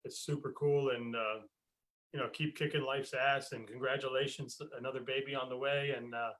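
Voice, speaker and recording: Bright-voiced animated American podcast host. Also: male voice, mid-range voice, moderate pace. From United States. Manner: animated storyteller, swears, laughs, acts out voices in anecdotes. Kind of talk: casual chat.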